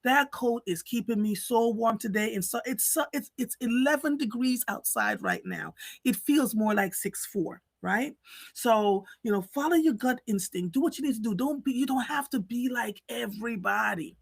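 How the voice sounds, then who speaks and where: Animated chatty woman host, dry sound. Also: on the high side, moderate pace, breathy edge, no room sound. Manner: animated, chatty, many restarts. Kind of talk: casual storytelling chat.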